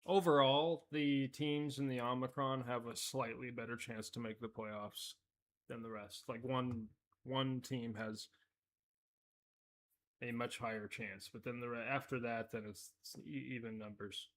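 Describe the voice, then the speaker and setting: A man with a gravelly, fry-edged voice at an ordinary middle pitch, chatting his way through a live stream. He rambles and restarts his sentences, and he is easily amused. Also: fairly even intonation, measured pace, fairly bright tone. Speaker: showrunner hosting a live stream. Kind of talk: casual live-stream commentary.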